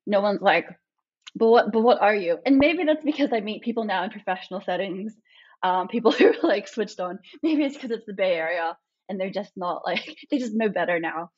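A woman's voice: medium pitch, animated, a little fast, husky, muffled recording. A woman with an Australian accent tinged with an American twang, talking in a chatty, reflective way as a podcast guest, full of "like" fillers. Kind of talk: casual conversation.

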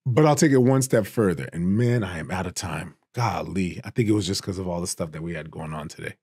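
A man teaching a Bible study in a casual, emphatic way, raising his voice to stress points and slowing down on key phrases. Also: sits low, expressive, dark tone, husky, dry recording, studio quality. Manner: emphatic and conversational, rising for stress, drawing words out slowly.

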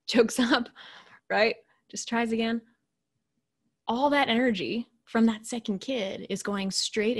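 A woman leadership coach giving a casual, animated lecture. She acts out quoted voices and keeps adding "right?". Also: mid-range voice. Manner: often adds "right?".

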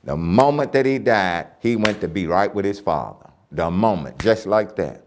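A man's voice: low voice, animated, moderate pace, few pauses. A man teaching a church Bible lesson, emphatic and repeating key phrases as he reads scripture aloud.

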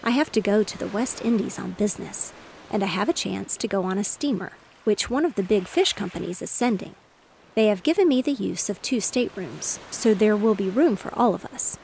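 A woman reading the part of a cheerful, reassuring father in a bedtime storybook, with a slightly gravelly voice. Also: mid-range voice, animated, fairly quick, a little mellow, slight background noise. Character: cheerful fatherly man, fish merchant.

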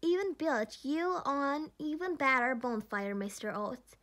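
An earnest young boy from a storybook, read by a woman with a Korean accent. The voice is high and bright, and it moves slowly and carefully through each line. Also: animated. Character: cheerful young boy who builds a snowman.

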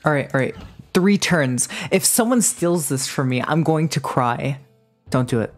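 A woman streaming a strategy game live, teasing her chat in a playful, excitable way. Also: low-pitched, unhurried, faint music behind. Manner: excitable outbursts. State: just woke up. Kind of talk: casual live gaming commentary.

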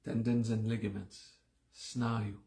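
A man teaching a live-streamed class, slow and deliberate, repeating each term several times, sounding like he has only just woken up. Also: fairly low pitch, flat delivery, creaky, mellow, roomy sound. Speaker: yoga teacher.

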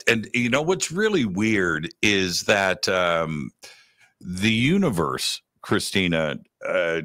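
Animated rambling male co-host, low voice. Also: no echo, clean studio sound. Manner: rambling, animated, lots of fillers. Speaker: radio host, co-host. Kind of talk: casual live-stream talk show.

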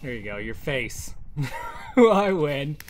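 A man commentating casually while playing a video game, talking into a headset. His voice swings widely in pitch with quick bursts of excitement and frequent laughter. He speaks at an unhurried, easygoing pace. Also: heavy background noise. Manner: excitable, laughs often, chatty. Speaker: gaming video host.

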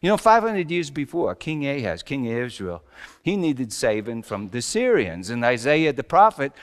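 A man's voice: mid-range voice, sing-song, moderate pace, natural voice. A man, a pastor, playing a wry and exasperated Joseph the carpenter in a joking, self-mocking first-person sermon monologue with big emphatic swings. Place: church sanctuary. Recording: long reverb of a church hall.

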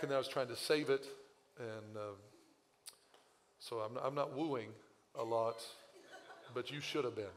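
A man preaching a sermon as pastor, telling a story in an animated, self-deprecating way, his voice recovering from having been lost. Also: mid-range voice, in a large hall, slight background noise. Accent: Midwestern American. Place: church sanctuary.

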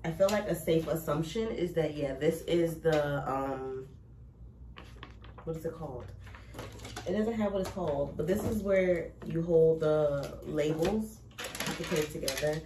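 A woman with a low voice talks her way through an unboxing, gushing, emotional and on the edge of tears. She rambles and restarts her sentences. The recording is echoey and noisy, with the mic set some distance away. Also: a little slow. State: teary, close to crying. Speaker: vlogger unboxing a label printer. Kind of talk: casual chat to camera. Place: cluttered home recording room.

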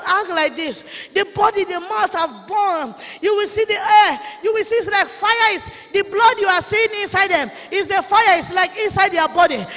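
A woman with a Nigerian accent preaching a fervent testimony sermon, shouting and weeping at its peaks and scolding her listeners. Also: extremely high pitch. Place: large conference hall. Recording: echoey hall reverb.

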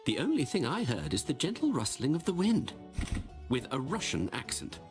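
A man's voice: fairly high pitch, huge pitch swings, moderate pace. A man playing Sherlock Holmes as a pompous, theatrical detective with a grandiloquent, lecturing delivery. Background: music.

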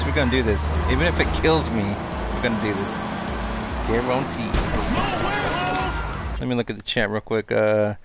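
A man streaming a video game, chatting excitably to himself and his viewers with mild cursing. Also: mid-range voice. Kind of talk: casual live gaming commentary.

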